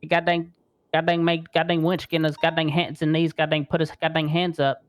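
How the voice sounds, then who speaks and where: A man's voice: on the high side, little pitch movement, fairly quick, natural voice. A man voicing a rattled male crime witness in a role-play game, who stuffs the same curse word into nearly every phrase while giving a statement.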